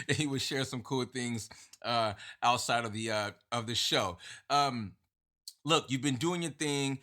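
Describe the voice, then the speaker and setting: An upbeat male podcast host with a bright, forceful voice, cheering his guest on in casual slang. He keeps a steady middle pitch and talks in an easy interview style. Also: unhurried.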